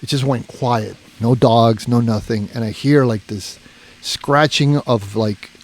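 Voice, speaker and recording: A man's voice: mid-range voice, steady tone, unhurried. A man telling a long story in a casual podcast chat, rambling, swearing and restarting his sentences. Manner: rambling, profane, full of "you know" and restarts.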